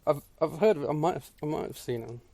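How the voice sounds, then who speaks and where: A man's voice: on the high side, quick pace, mellow, dry recording. A man co-hosting a podcast, making dry, wry remarks with stammered restarts. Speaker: podcast co-host. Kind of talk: casual chat.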